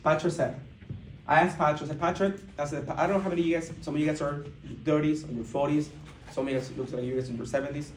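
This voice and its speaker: A man telling a story to a live audience at a business event, animated, acting out what people said, with many restarts. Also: fairly high pitch, fast talker, a little hiss or hum. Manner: animated, acts out dialogue, frequent restarts. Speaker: motivational speaker at a business event. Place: large indoor event room. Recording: echoey hall, mic heard from a distance.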